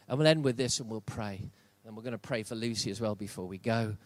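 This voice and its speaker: A man's voice: on the low side, fast talker, dry recording. An older man preaching a sermon in church, emphatic and repeating key phrases for stress. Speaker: pastor.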